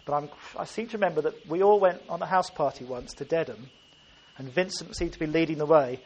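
A man's voice: fairly high pitch, brisk, darkish tone, husky. A man preaching a sermon, earnest and emphatic, often restarting his phrases.

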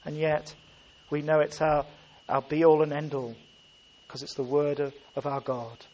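A man's voice: fairly high pitch, little pitch movement, a little slow, darkish tone, lo-fi sound. A man preaching a sermon, earnest and emphatic, often restarting his phrases.

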